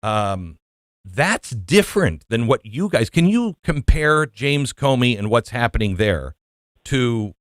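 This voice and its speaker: A middle-aged man hosting an interview, asking questions in an animated, exclamatory way. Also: mid-range voice, slow pace, no room sound, clean studio sound. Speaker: host.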